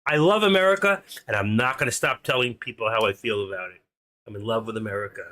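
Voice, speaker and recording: A man's voice: on the low side, fast talker, bright, forceful tone. A man in his sixties hosting a live stream, chatting in a rambling, opinionated way and reading off market numbers. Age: 60s.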